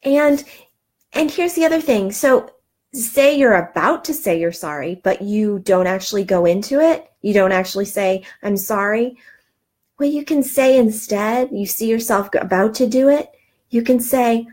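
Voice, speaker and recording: A woman's voice: a little high, moderate pace, darkish tone. Middle-aged woman doing a self-help talk, earnest and encouraging, lots of ums. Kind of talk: motivational talk.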